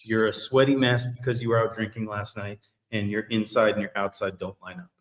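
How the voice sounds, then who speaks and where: Blunt, reflective man with a lower voice, candid podcast talk, roomy echo. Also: flat delivery, brisk. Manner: blunt, swears freely, reflective.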